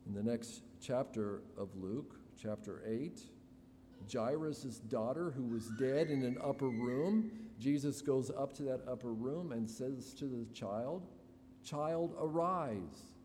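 A man preaching an expository sermon to his congregation, slow and deliberate with dramatic pauses. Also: mid-range voice, warm tone. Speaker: pastor. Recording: reverberant hall, faint room noise.

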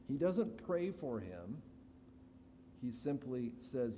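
A man preaching an expository sermon to his congregation, slow and deliberate with dramatic pauses. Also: medium pitch, sing-song, warm tone. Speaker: pastor. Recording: reverberant hall, faint room noise.

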